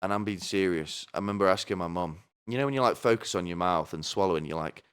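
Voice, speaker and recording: This deep-voiced man hosts a comedy podcast, ranting fast with few pauses in a fairly bright, clean tone. His crude, sardonic rant is full of swearing, and he keeps asking the listener "right?" again and again.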